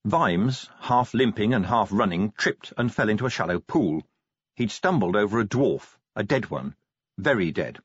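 A man reading a fantasy novel aloud as an audiobook narrator, with expressive, dramatic storytelling. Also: fairly low pitch, moderate pace, husky, no echo, highs cut off.

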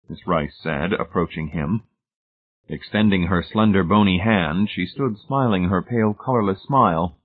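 A man reading an audiobook in a steady, measured narration, recorded with a tinny phone-like sound. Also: deep voice.

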